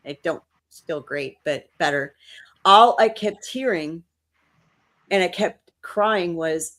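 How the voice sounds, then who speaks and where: Woman co-host, lower voice, casual and chatty, emotional storyteller. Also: takes it slowly, a bit bright. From New Orleans. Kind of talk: casual chat.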